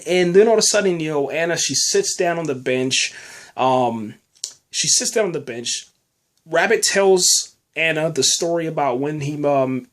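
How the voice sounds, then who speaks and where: A man hosting a podcast, giving a casual, rambling spoken review full of fillers and restarts, often saying "man". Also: a little high. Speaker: podcast host reviewing a TV episode.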